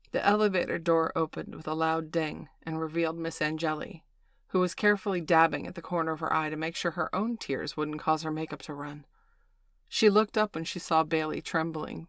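A woman narrating an audiobook in a steady, even storytelling manner. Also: low voice, no echo, clean studio sound.

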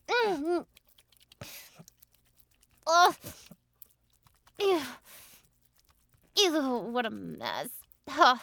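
A woman playing a bright, mocking, domineering young woman. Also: sits high, dry recording, studio quality, heavily acted.

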